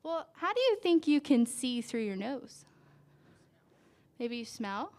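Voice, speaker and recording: A woman reading a picture book aloud to children at a church service, gently asking them questions as she goes. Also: high-pitched, very animated, slow. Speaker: children's story reader.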